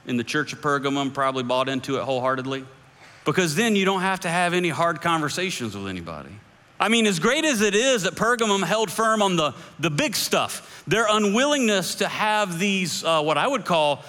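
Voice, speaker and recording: A male pastor preaching a sermon in a conversational way, his voice climbing high whenever he voices other people's views. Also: sharp tone. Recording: long echoing hall reverb.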